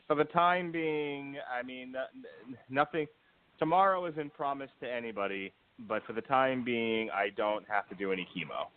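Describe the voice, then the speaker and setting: A man's voice: medium pitch, normal speed, smooth. A man hosting a casual, profane podcast chat, joking with his co-hosts. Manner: joking, profane, mimics others in quotes. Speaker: podcast host. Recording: phone-like band, faint noise.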